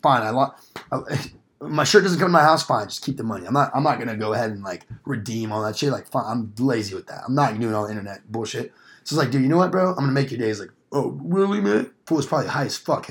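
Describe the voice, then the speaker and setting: A man's voice: medium pitch, fairly bright tone. A young man casually telling a rambling, profane story on a podcast, acting out quoted lines. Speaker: podcast co-host.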